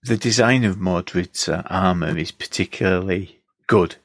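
A man's voice: low-pitched, normal speed, no room sound, clean studio sound. A man co-hosting a podcast, chatting casually and thoughtfully about an old film and reading bits of a review aloud. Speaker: podcast co-host.

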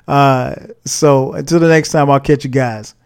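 A man's voice: medium pitch, steady tone, measured pace, creaky, smooth. A man hosting his own podcast, talking casually and unhurriedly with frequent fillers. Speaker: podcast host.

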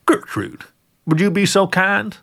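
A man's voice: high-pitched, fairly even intonation, unhurried, vocal fry, fairly bright tone, pitched above the performer's own voice, exaggerated voice. A man voicing a fussy, motherly old witch woman who calls everyone dearie in a sing-song way. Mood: doting.

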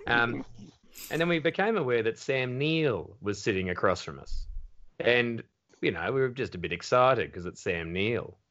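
A man with an Australian accent, a comedian telling stories in casual podcast chat, animated and swearing freely. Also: medium pitch, normal speed. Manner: animated storyteller, swears freely, acts out quotes. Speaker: comedian guest. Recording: dull lo-fi audio.

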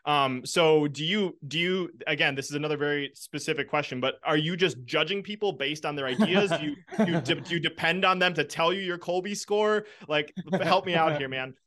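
Male host, bright forward voice, slightly high, polite and searching questions. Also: brisk, hardly any pauses. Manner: searching, restarts, polite follow-ups. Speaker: podcast host. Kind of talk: casual interview questions.

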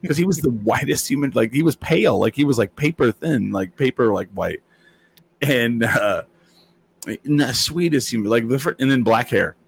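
A man's voice: medium pitch, lively intonation, moderate pace, gravelly, husky. A man chatting casually, telling rambling stories full of fillers and acted-out quotes. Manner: rambling storyteller with many fillers and quoted voices. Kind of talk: casual chat.

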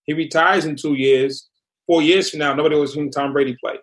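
Animated middle-aged male storyteller. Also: a little high, brisk. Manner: animated storyteller, acts out quotes. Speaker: podcast guest. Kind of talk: storytelling interview.

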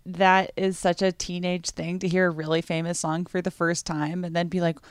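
Chatty woman with a lowish, dry voice. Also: level tone, normal speed, clean tone, no echo. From Massachusetts, US. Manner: chatty, acts out quoted lines, laughs often. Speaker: podcast guest. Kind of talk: casual podcast chat.

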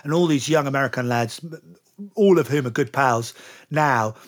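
A middle-aged Englishman with an English accent, chatting as an actor guest in an interview and telling lively, anecdotal stories with the odd curse. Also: mid-range voice, normal speed. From England. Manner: lively anecdotal storyteller, occasionally swears. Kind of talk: casual interview chat.

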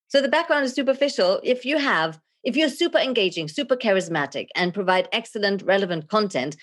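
A middle-aged woman, a video and leadership coach, speaking as a guest in a podcast interview in a theatrical, animated way, laughing often. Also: medium pitch, a little fast, hardly any pauses.

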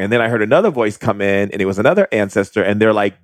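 Low-voiced man telling a story. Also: fast talker, few pauses, no echo, studio quality. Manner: earnest, animated retelling, acts out voices. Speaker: guest. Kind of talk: casual storytelling.

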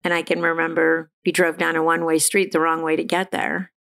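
Middle-aged female guest, gravelly and fairly low, candid and halting with many restarts. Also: little pitch movement, fairly bright tone. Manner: halting, frequent restarts and fillers, laughs now and then. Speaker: guest sharing her recovery story. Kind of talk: candid personal storytelling.

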